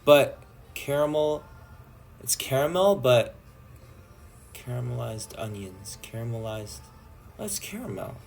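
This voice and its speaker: Playful young Canadian man, slow chat. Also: mid-range voice, expressive, creaky, faint music behind. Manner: chatty, playful, drifting between topics. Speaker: idol livestream host. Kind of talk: casual livestream chat with viewers. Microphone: phone livestream.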